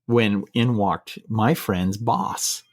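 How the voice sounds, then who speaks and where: Low-voiced man telling a story earnestly. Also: lively intonation, dry recording, clean studio sound. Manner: earnest, halting, with frequent restarts. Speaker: podcast co-host telling a personal story. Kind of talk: casual storytelling.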